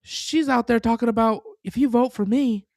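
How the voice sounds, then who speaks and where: A man's voice: very high-pitched, normal speed, gravelly, darkish tone, dry recording, clean studio sound. A man co-hosting a podcast, talking emphatically with stammered restarts. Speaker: podcast co-host. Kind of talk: casual chat.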